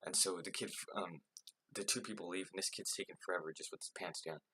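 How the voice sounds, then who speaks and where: A man's voice: deep voice, steady tone, quick pace, pushed and bright, breathy edge. A young man telling a story from his own life in a casual, rambling way, full of fillers and self-mocking asides. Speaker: vlogger.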